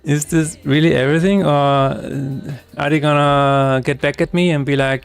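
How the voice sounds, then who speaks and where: A man's voice: fairly high pitch, fairly even intonation, moderate pace, vocal fry, hardly any pauses, clear, resonant tone, faint music behind. A man streaming his game development work, talking through each step aloud in a chatty, self-correcting way. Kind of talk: live-streamed coding chat.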